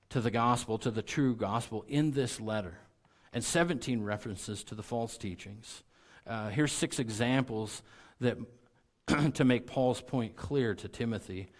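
A man preaching a sermon as pastor, talking in an earnest, conversational way with restarts and repeated words. He builds to louder, emphatic peaks and drops soft and low when citing scripture.

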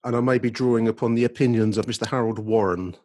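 Low-voiced rambling man. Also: a little mellow, dry recording. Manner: rambling, halting, many restarts. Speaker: podcast co-host. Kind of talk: casual chat.

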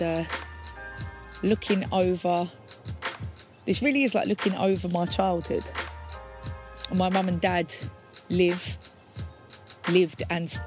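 Chatty Essex woman, slightly out of breath. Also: fairly low pitch. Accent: Essex English. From Essex, England. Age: 30s. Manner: chatty, reflective, self-deprecating. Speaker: spoken word poet. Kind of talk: casual spoken explanation of her poem. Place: outdoors on a grassy hill. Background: background music.

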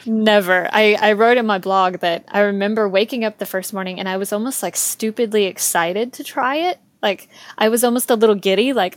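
A woman's voice: medium pitch, brisk, hardly any pauses, no echo. Candid, chatty woman guest. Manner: candid, chatty, frequent ums and laughs. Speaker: podcast guest. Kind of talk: casual interview chat.

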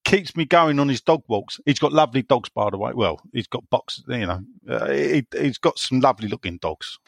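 A man co-hosting a podcast reads listener messages aloud and teases them as he goes, his pitch jumping about with lively swings. The sound is dry and close, with no room around it. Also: normal speed, gravelly, dry recording. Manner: jokey, teasing, laughs often. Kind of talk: casual banter.

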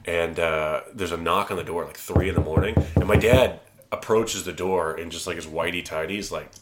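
Deep-voiced guy, rambling and swearing. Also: brisk, very noisy. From Alabama. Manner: swears a lot, rambling with many fillers. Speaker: podcast guest. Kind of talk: casual chat.

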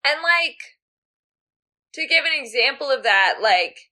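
A woman's voice: high-pitched, animated, measured pace, bright, forceful tone. A woman co-hosting a casual book podcast, chatty and full of 'like'. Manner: chatty, many fillers like 'like'. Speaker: podcast co-host.

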